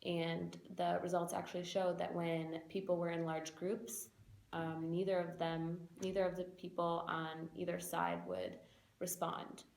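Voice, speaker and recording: In an echoey room, a young woman gives a casual spoken lesson, explaining ideas through everyday examples, fillers and quoted inner voices. Her voice is fairly low, a little slow and slightly mellow, with vocal fry.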